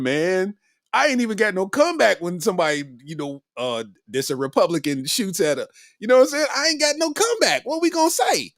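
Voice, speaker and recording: A man's voice: fairly high pitch, very animated, brisk, no room sound, studio quality. A man hosting a comedy podcast, riffing in a loose, slangy monologue and laughing often.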